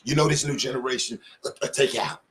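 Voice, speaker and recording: A man's voice: mid-range voice, steady tone, quick pace, fairly bright tone, slight background noise. A middle-aged man hosting his channel, giving casual commentary in informal street talk and firing off pointed questions. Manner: impassioned, asks many pointed questions. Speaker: channel host.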